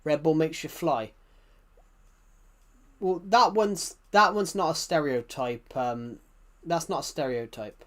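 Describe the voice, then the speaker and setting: This man's voice sits on the high side and is a bit bright, and he speaks slowly with a British accent; he's from the United Kingdom. During a casual live game stream he rambles, responds to chat messages, and often starts over mid-sentence.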